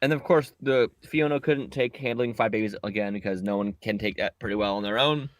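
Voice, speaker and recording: Rambling and joking, a man co-hosting a podcast recaps a movie and keeps correcting himself along the way. His voice is on the low side and fairly quick, recorded on a podcast setup with no room sound.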